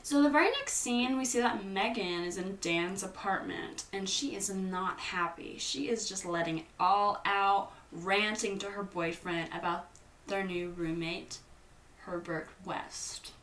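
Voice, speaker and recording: Bright-voiced woman recapping a film in a roomy space. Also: mid-range voice, unhurried, recorded from a distance, slight background noise. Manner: chatty, playful, acts out the characters' lines. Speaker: host. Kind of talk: casual movie recap.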